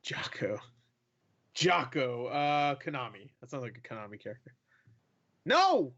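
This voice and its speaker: A man's voice: mid-range voice, normal speed, vocal fry, fairly bright tone. Podcast co-host, male, casual and foul-mouthed, slightly lo-fi sound. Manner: loose, profane, jokey. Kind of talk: casual gaming podcast banter.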